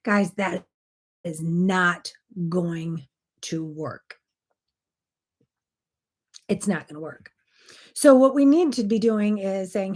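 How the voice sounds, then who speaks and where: A middle-aged woman speaks straight to her camera as the host of a morning devotional show. Her voice sits at an ordinary middle pitch. She talks casually, earnestly and directly to her viewers. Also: darkish tone. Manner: earnest and direct, acts out quoted spouses in quick little voices. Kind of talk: casual faith talk to camera.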